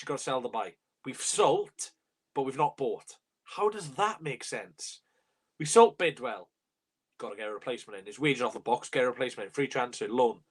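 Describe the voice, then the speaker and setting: A young man hosting a live fan reaction stream, ranting bluntly and swearing in exasperation. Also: mid-range voice. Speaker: fan channel host.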